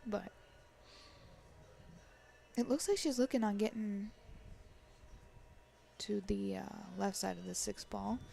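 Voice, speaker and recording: Gravelly woman commentating pool. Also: mid-range voice, takes it slowly, long pauses, dark tone. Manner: chatty, tags lines with "right?". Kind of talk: live sports commentary.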